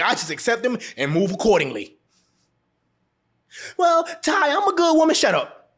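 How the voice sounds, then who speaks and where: A man with a fairly high voice delivers a casual advice monologue straight to camera. He talks bluntly and with a lot of swing in his pitch. He laughs often and repeats phrases to drive each point home. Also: bright, forceful tone. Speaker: relationship advice vlogger.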